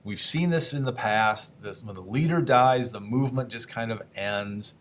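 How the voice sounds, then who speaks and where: A man of middle pitch lectures on history the way a teacher talks to a class. He keeps it loose and conversational, throws questions at his listeners and slips into quick, playful voices for historical figures before picking the thread back up. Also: a bit bright.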